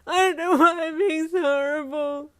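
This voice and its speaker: In a fan fiction audio reading, a tearful teenage girl, voiced by a woman, sobs in a high, strained voice. Her words come out wailing and shaky. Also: steady tone, normal speed, no room sound, lightly acted. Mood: sobbing. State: crying.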